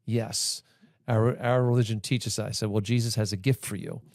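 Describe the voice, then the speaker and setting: A man's voice: lowish voice, fairly even intonation, normal speed, creaky, darkish tone, dry recording, studio quality. A man hosting a church podcast, talking in a casual, rambling way full of fillers. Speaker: podcast host.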